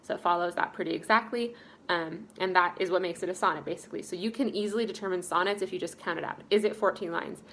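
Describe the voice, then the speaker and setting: An American woman in her young adult years teaching a poetry lesson, her voice a little low for a woman. She explains step by step in an upbeat way, with plenty of ums. A faint hiss of noise sits behind her. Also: fast talker, a bit bright. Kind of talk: recorded class lesson.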